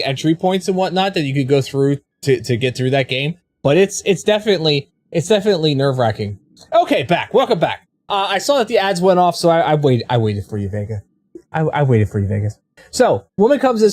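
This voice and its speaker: Animated, frank storytelling game streamer. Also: medium pitch. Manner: rambling, frank storyteller with swearing and restarts. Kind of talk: casual chat with viewers while streaming.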